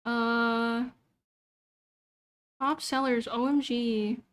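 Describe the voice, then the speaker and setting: High-voiced young woman muttering as she browses. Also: steady tone, drawn-out words, a bit bright, clean tone. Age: young adult. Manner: muttering to herself while browsing, swears freely. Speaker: VTuber streamer. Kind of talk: casual livestream chat.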